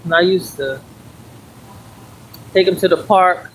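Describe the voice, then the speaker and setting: A speaker in their forties chats loosely on a live stream, drifting from one thought to the next. The talk is casual and unhurried, recorded on a phone while walking outdoors. A faint bed of noise sits under the voice. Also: mid-range voice, a bit bright, low-quality recording. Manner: chatty and meandering, talks while walking and exercising. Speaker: livestreamer. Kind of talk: rambling casual live chat.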